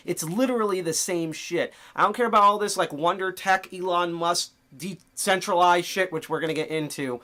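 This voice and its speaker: A man's voice: fairly high pitch, bright, forceful tone. A man hosting a casual livestream show, rambling, swearing freely and losing his train of thought. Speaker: host.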